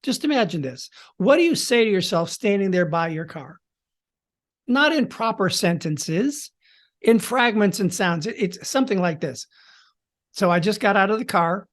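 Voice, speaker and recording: A man hosting a podcast as a storytelling coach, teaching in a theatrical way with dramatic pauses and shifts in tempo and volume. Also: high-pitched, expressive.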